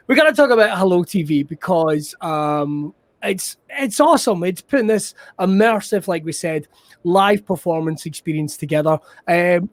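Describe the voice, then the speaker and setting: A man's voice: sits high, no echo. A man with a Scottish accent hosting a casual podcast interview, jokey and self-deprecating. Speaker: podcast host.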